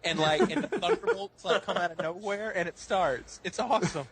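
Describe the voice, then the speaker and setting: A man co-hosting a podcast in casual chat over an online voice call, excitable and quick to laugh. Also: high-pitched, heavy background noise.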